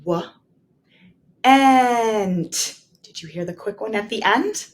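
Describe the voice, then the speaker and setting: A woman teacher modeling writing for young children, slowly and clearly sounding out each word and leading the class to repeat. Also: medium pitch, expressive. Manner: slow, exaggerated sounding out of words.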